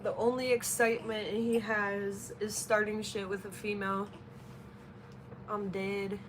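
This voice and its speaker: Profane young woman livestreaming, slow-talking. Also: mid-range voice, flat delivery. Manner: blunt and profane, cooing baby talk to her infant. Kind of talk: casual livestream chat. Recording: noisy home livestream audio.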